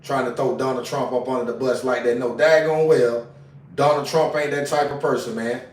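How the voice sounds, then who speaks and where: A man's voice: mid-range voice, fairly even intonation, moderate pace, far from the mic. A man on a casual livestream, talking in an agitated, profane way and repeating himself, recorded away from the mic. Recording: roomy sound, away from mic.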